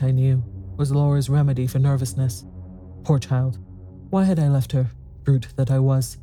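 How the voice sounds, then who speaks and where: Storyteller: man, very dark warm tone, tense first-person ghost story reading. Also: medium pitch.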